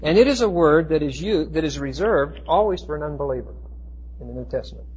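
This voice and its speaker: A man teaching a Bible class, explaining Greek words with emphatic, slowed stress and frequent restarts. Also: on the high side, animated, darkish tone, husky. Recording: dull lo-fi recording.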